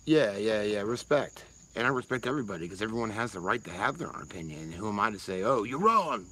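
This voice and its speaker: A man's voice: on the low side, fast talker, fairly bright tone, rough recording. A man, rambling casually and swearing freely on a livestream while answering chat. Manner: rambling, profane, laid-back.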